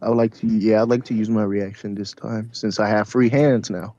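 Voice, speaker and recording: A man chats eagerly as a player in a tabletop game, often cutting in with his own ideas. His voice is dark and mellow. It comes through a dull, lo-fi mic. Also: on the low side, fairly even intonation, a little fast. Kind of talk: casual chat.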